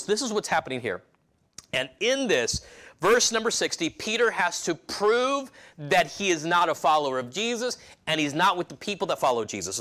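A man delivers a sermon in a loose, talkative way, stopping and restarting his phrases as he thinks aloud. His voice sits a little high and sounds bright and forward. He acts out the quoted lines with small changes of voice. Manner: conversational preaching with frequent restarts and acted-out quotes. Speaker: pastor.

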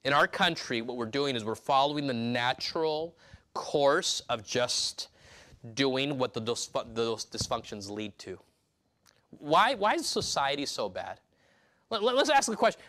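A man preaching from the pulpit of a church, his voice bright and a little higher than most men's. He speaks emphatically, stumbling into restarts and throwing rhetorical questions at the congregation. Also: sing-song, moderate pace. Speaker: pastor. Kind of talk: sermon.

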